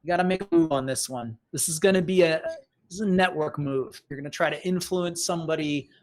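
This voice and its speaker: A man running a tabletop game as game master, his voice a bit higher than average. He narrates in a rambling, animated way, full of "like" and "um.". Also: quick pace. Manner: rambling, filler-heavy, animated.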